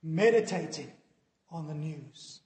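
High-pitched guy preaching, asks the room lots of questions, big echoey church sound. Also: expressive, takes it slowly, a little mellow. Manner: earnest preaching with rhetorical questions to the congregation. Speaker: pastor. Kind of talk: sermon. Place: church sanctuary. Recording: echoey hall with long reverb.

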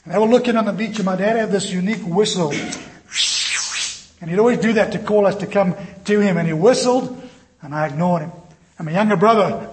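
Male pastor, fairly high voice, passionate storyteller; echoey room, faint hiss. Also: very animated, normal speed, long pauses. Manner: impassioned storytelling, swings from loud to quiet. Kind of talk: sermon.

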